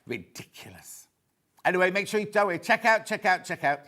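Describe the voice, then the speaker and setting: Male live shopping-TV host, fairly high voice, chatty and camp, quick with a joke. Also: pushed and bright. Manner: chatty, camp and jokey, reads out viewer messages. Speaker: shopping channel presenter.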